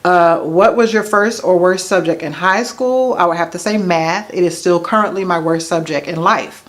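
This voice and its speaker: A woman in her thirties from the United States vlogs a casual to-camera Q&A tag video, answering questions and tossing self-mocking asides to her viewers. Her voice is fairly low, and she speaks at a moderate pace.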